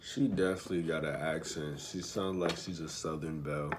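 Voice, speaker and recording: A low-voiced man chats through his reactions in a relaxed, slangy way. He muses out loud and takes back his own words. A faint hiss sits under his voice. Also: brisk. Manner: laid-back, slangy, thinking aloud and correcting himself. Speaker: commentator reacting to a dating show. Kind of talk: casual reaction commentary.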